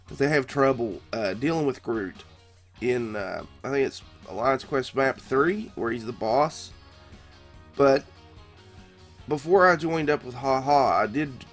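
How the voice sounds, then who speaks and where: A man with a stuffed-up, congested nose, hosting a casual game guide in a chatty, conversational way. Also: medium pitch. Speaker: gaming channel host.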